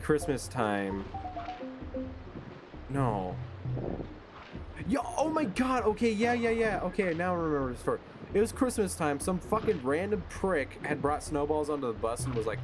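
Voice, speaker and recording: A young man hosting a casual gameplay chat, telling a story in a profane, ranting way. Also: a little high. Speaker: gaming channel host. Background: game music.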